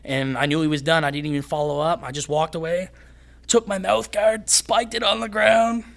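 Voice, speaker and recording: Young male fighter guest with a high voice, rambling and animated. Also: moderate pace, vocal fry. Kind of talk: casual podcast chat.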